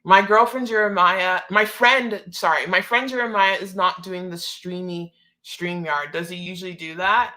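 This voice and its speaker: A woman's voice: lowish voice, fairly even intonation, moderate pace, few pauses, bright, forceful tone. A woman from the Caribbean hosting a casual live-stream Q&A, chatty and full of "like" and laughing asides. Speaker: host.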